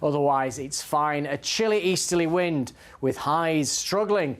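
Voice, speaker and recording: Relaxed man giving the TV weather. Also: on the high side, unhurried. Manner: relaxed, conversational, dry. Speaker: weather presenter. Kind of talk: TV weather forecast.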